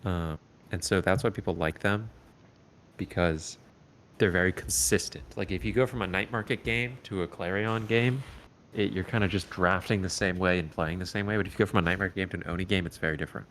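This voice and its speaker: A deep-voiced man coaching a team, talking things through calmly and at length. His low tone sits over a faint background rumble. He explains patiently, pausing on fillers. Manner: calm, explanatory, filler-heavy advice. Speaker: esports coach. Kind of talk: coaching session over voice chat.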